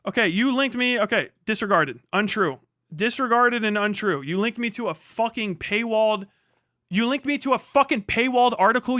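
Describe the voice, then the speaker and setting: A man's voice: high-pitched, moderate pace, sharp tone, no echo, clean studio sound. A man on a live stream reacting to an article he reads aloud, exasperated and profane, firing off rhetorical questions.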